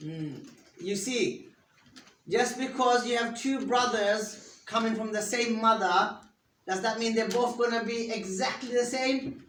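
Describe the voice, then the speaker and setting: Patiently, the teacher poses questions and models each sound for the class to repeat in an interactive lesson. Her voice is middle-pitched, fairly bright and a little slow, captured from afar in a roomy classroom with a faint hiss running beneath.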